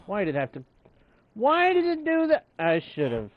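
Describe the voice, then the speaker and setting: A man's voice: sits high, wildly swooping pitch, normal speed, dull audio. A man hosting a live game stream, chatting casually and jokingly with viewers and the game. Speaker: streamer and channel host.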